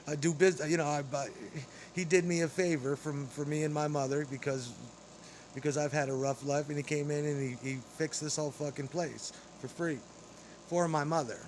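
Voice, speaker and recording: Man, ranting vlog monologue, foul-mouthed and rambling, fairly high voice, faint background noise. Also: fairly even intonation, moderate pace, a little mellow. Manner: profane, rambling, heated.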